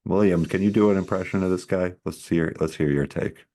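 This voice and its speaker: Very deep-voiced rambling podcast host. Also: male voice, brisk, dark tone. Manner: rambling, full of "like" fillers. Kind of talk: casual chat.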